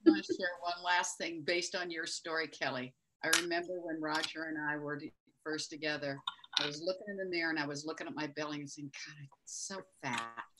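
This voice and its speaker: A woman guest on a live stream, a psychic reader who speaks in an earnest, warm way. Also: low-pitched, steady tone, quick pace, background noise. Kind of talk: casual live-stream chat.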